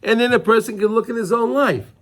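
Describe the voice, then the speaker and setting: A man's voice: extremely high pitch, a little fast, a bit bright. A man teaching a casual Torah class to students, talking conversationally and repeating himself, often checking in with "right?".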